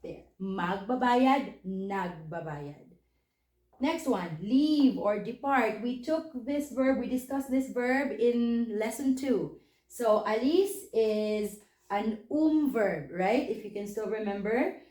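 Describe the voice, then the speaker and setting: A woman teaches a language lesson at a slow, unhurried pace, her voice sitting a little high. She explains each step patiently and checks in with quick questions. The recording has a noticeably roomy echo around her. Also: lively intonation, mellow. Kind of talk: spoken lesson.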